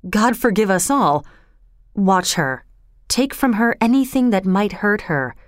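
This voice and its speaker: A woman voicing an anxious male court doctor who asks troubled questions in a hushed way. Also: mid-range voice, animated, unhurried, no room sound, clean studio sound, natural voice. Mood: grave.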